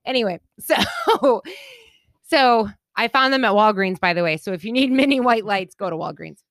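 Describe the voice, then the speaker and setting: Woman in her thirties, podcast co-host, bright tense tone, dry studio mic, lively storyteller who does the voices of people in her story. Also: a little high, moderate pace, no echo. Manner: animated, mimics people she quotes. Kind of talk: casual storytelling chat. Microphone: studio microphone.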